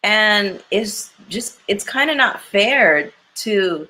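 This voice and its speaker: A woman's voice: mid-range voice, expressive, very slow, pushed and bright, low-quality recording. A young woman hosting a live stream, talking candidly and emphatically to her viewers and reading their comments aloud. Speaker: livestream commentary host.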